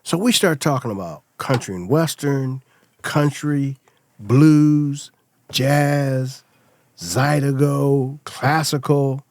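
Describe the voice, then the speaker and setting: A middle-aged man telling stories as a podcast guest, lively and acting out the people he quotes. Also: mid-range voice, slow, no room sound. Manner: animated storyteller, acts out quoted voices. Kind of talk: casual storytelling chat.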